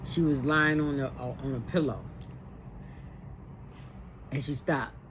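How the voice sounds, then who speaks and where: Low-voiced woman recalling a family memory. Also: steady tone, slow, background noise. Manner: earnest, repeats herself as she recalls. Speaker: storyteller. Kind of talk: personal memory storytelling.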